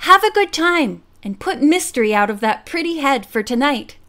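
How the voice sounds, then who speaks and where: A woman voicing a fond middle-aged housekeeper who gently scolds. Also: very high-pitched, wildly swooping pitch, normal speed, voice pushed up, heavily acted.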